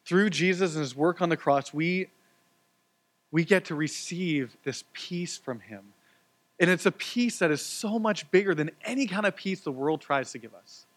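A man's voice: fairly high pitch, expressive, moderate pace. A man, preaching a sermon and telling his own story in an earnest, conversational way, with fillers and repeated words. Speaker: pastor. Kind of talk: sermon with personal testimony.

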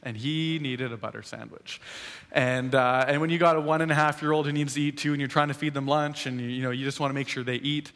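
A man in his thirties telling a funny story to a live audience, acting out the quotes in a raised voice and laughing as he goes. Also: fast talker. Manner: animated, acts out quotes in a higher voice, laughs while telling.

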